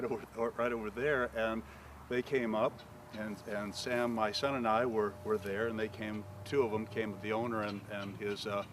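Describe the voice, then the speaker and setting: A pastor telling a story outdoors, acting out the voices of the people in it. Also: male voice, medium pitch, a little hiss or hum. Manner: animated storyteller acting out quoted dialogue. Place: outdoors on a paved property.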